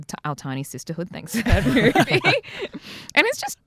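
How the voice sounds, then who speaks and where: A woman chatting casually about films and TV, bubbly and quick to laugh, telling animated stories. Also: fairly high pitch, slightly rough, no echo, clean studio sound. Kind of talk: casual chat.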